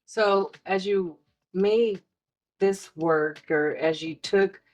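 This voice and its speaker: A woman's voice: medium pitch, drawn-out words, darkish tone. A woman hosting an interview, encouraging her guest and asking long, rambling questions. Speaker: interview host. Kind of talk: conversational interviewing.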